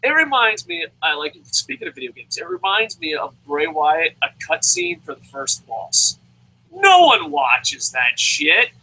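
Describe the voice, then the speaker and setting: A man's voice: on the high side, very animated, measured pace, sharp tone, poor audio. A man reviewing a wrestling show, ranting heatedly, swearing constantly and mocking in his commentary. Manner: mocking, acts out impressions.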